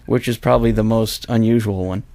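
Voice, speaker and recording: A man's voice: lowish voice, fairly even intonation, a little fast, creaky, dark tone, dry recording. A young man hosting a casual podcast chat, rambling and correcting himself as he goes. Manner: rambling, self-correcting, chuckles often. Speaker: podcast host.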